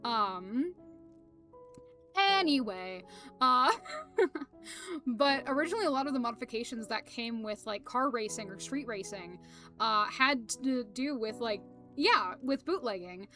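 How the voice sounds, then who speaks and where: Young woman streamer rambling to chat, bright and a bit high, lots of uhs and laughs, faint music behind. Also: lively intonation, measured pace, long pauses. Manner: rambling, laughing often, many fillers, swearing. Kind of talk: casual chat to stream viewers.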